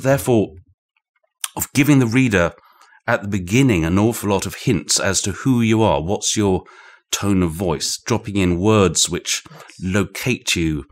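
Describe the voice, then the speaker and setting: Brief: British male author, very low voice, musing guest with many restarts, talking across a room. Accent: British English. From Britain. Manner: thoughtful, digressive, frequent restarts. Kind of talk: conversational explanation. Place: indoor room shared with the host.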